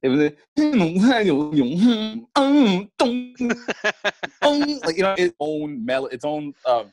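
A man's voice: a little high, a little fast, no echo. A man co-hosting a podcast in crude casual banter, laughing often between lines. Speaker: podcast co-host.

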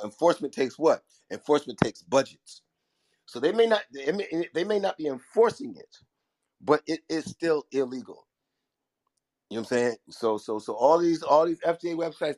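A man's voice: mid-range voice, darkish tone. A man speaking in a live audio chat room, emphatic, repeating himself with many fillers. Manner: emphatic, repeats himself, lots of you know what I'm saying.

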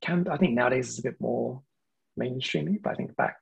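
Gravelly, raspy man chatting fast. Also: medium pitch, highs cut off. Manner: rambling, hedging, laughs often. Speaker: podcast guest. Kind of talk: casual chat.

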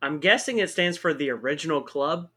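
Guy cohost with a sharp bright voice, joking around about wrestling. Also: a little high, lively intonation, a little fast. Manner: playful, does mock voices. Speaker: podcast co-host. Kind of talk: casual wrestling recap chat.

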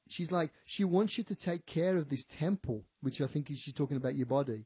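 A man working as a psychic medium on the radio, animated, often repeating himself and quoting what a spirit tells him. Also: on the high side, brisk, few pauses, slightly rough, no echo. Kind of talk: on-air psychic reading. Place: radio studio.

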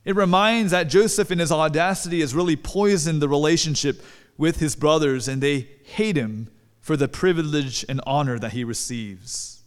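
A man's voice: a little high, smooth. A man preaching a sermon in a church, conversational and asking the congregation questions. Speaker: pastor. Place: church sanctuary. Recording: long hall reverb.

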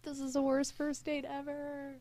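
A woman's voice: high-pitched, completely flat delivery, moderate pace, warm tone, a little hiss or hum. A woman co-hosting a podcast in casual chat, teasing and laughing often. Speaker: podcast co-host.

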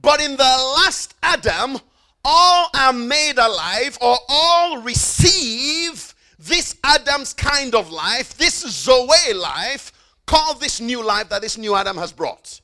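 This preacher's voice is extremely high and sharp, swinging widely in pitch. He's emphatic, repeating key phrases and inviting the congregation to repeat after him, slowing on stressed phrases but rushing asides.

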